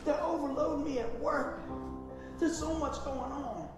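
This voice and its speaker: A man voicing a grateful young woman receptionist, with his pitch raised and speaking through tears. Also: measured pace, music in the background. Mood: tearful. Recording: echoey hall, from a distance.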